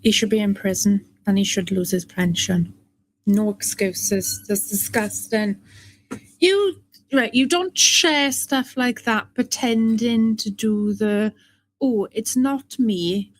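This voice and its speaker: Blunt, slow-spoken female co-host. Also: medium pitch, slight background noise, rough recording. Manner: blunt, indignant. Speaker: podcast co-host. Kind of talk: casual news commentary.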